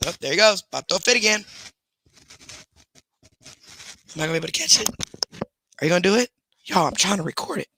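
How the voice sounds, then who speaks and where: A woman's voice: fairly low pitch, animated, normal speed, long pauses, sharp tone, breathy edge, dry recording. A woman hosting a casual livestream, scolding her dogs and chatting to her viewers. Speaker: livestream host.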